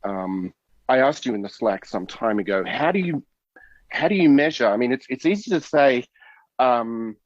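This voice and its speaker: A man's voice: medium pitch, animated, moderate pace, dry recording. Man on a dull, dry call line. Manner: thinks aloud, hesitant restarts, asks earnest questions. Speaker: coaching client, software developer. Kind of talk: casual conversation on a call. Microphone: video call.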